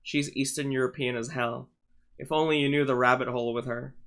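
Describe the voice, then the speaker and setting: A man's voice: medium pitch, steady tone, brisk, fairly bright tone. A man streaming live, chatting casually and irreverently while reacting to clips on a studio microphone. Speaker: livestreamer.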